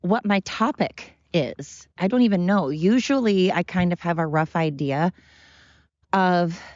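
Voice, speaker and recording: A woman's voice: fairly low pitch, darkish tone, no echo, muffled recording. A woman hosting her own podcast in a loose, self-deprecating ramble, out of breath as she walks uphill outdoors. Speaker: podcast host. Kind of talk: casual rambling monologue. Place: outdoors, walking up a hill.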